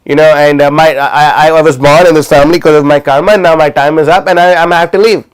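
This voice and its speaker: A man's voice: a little high, fairly even intonation, fast talker, clean tone. A man telling stories in a class, speaking casually with many fillers and restarts. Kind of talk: storytelling class talk. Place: livestreamed class.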